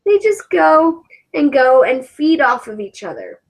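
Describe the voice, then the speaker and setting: A fairly high-voiced woman with an English accent, hosting a casual livestream chat. She rants with lots of swearing and animation, and her voice sits a little above the usual female range. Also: a little slow, poor audio. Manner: animated, profane ranting. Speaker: cosplayer and livestream host.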